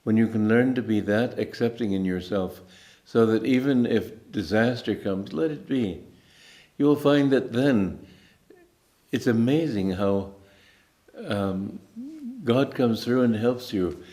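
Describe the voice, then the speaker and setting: With a lowish voice, an elderly teacher in his eighties delivers a spiritual talk, relating stories in a calm, unhurried manner and pausing along the way.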